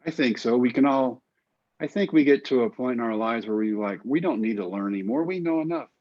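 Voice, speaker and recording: A man's voice: medium pitch, fairly quick, a little mellow. Wry man telling a story, dull audio. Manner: wry, self-mocking storyteller acting out dialogue. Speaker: guest. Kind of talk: storytelling in a casual interview.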